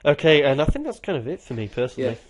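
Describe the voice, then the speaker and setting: Fast-talking young British man. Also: mid-range voice. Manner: quick, animated retelling of film scenes, acting out lines. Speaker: podcast co-host. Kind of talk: casual chat about films.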